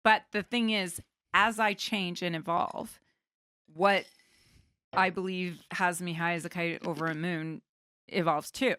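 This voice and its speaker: A woman from Canada talks as an artist guest, earnest and enthusiastic about spirit and creative energy. Her voice sits on the low side for a woman but sounds bright and forceful. The recording is dry and close. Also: steady tone, measured pace, smooth, no room sound. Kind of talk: casual chat.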